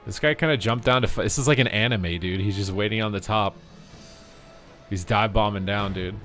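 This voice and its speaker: Man gamer, lowish bright voice, loose jokey commentary, faint music under it. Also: fairly quick. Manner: jokey, swears, chatty asides to viewers. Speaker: game streamer. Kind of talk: casual live gameplay commentary.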